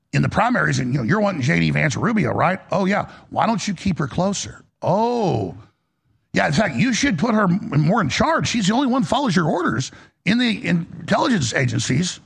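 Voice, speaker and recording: A man's voice: fairly high pitch, sing-song, a little fast, vocal fry, fairly bright tone, slightly rough. A man ranting as a political commentator in a heated, exasperated monologue, blunt and profane.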